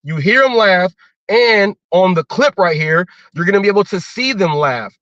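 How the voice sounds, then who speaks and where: A man's voice: high-pitched, animated, normal speed, fairly bright tone, no room sound, muffled recording. A man hosting a livestream, ranting defensively and often repeating himself as he restarts his words. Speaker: livestream host.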